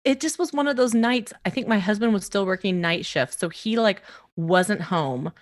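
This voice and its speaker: A woman comedian from the US East Coast, a podcast guest telling a story in a casual interview, lively, laughing often and acting out the voices of the people she quotes. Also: mid-range voice, moderate pace.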